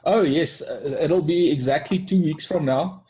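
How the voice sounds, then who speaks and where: Calm South African man on a call. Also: a little high, measured pace. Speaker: webinar co-host. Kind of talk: casual webinar talk.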